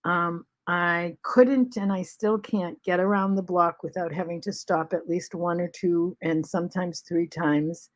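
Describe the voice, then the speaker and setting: A woman of seventy-three talking in a halting, soft way at home, pausing with many ums and restarts. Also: fairly low pitch, steady tone. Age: 70s. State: short of breath after covid. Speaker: vlog host. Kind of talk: casual spoken reflection.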